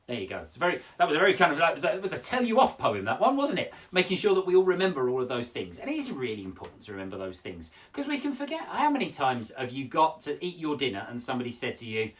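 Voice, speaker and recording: A man presenting a children's poetry show from his home. His voice swings widely up and down as he talks to the kids at home. He is playful and expressive, with a pitch in the middle range. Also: fast talker, few pauses, far from the mic. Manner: animated, playful and expressive, addressing kids directly.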